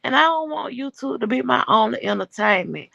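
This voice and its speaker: A woman's voice: high voice, expressive, a little fast, creaky, sharp tone, dry recording, muffled recording. Brash, profane woman chatting to her stream. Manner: talks straight to her chat. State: winded and worn-voiced. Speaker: livestream host. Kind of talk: casual livestream chat.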